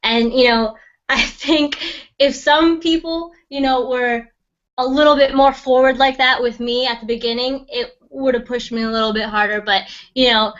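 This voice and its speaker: Relaxed woman hosting a team call. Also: high voice, normal speed, highs cut off. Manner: relaxed, many ums and hedging fillers. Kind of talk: casual talk on a team call.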